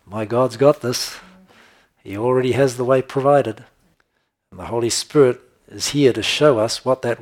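A man preaching a sermon, emphatic, repeating key phrases and reading scripture aloud. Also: mid-range voice. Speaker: pastor.

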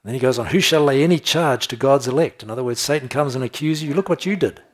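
Male preacher, sermon delivery, emphatic on scripture, chatty asides, mid-range voice. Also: medium pitch. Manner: emphatic scripture reading with slowed stressed phrases; conversational asides with soft laughs.

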